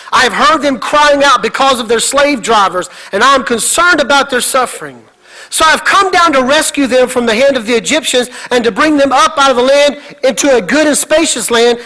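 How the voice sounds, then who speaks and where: Middle-aged man preaching, very high and forceful voice, animated delivery that acts out voices. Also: poor audio. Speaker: pastor. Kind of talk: sermon.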